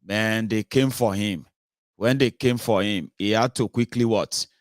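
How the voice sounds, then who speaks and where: A Nigerian-accented man delivers a fervent commentary monologue in a low-pitched voice. He is emphatic and leans on rhetorical questions, with frequent filler sounds between points. The recording is dry, with no room echo. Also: measured pace. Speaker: political commentary host.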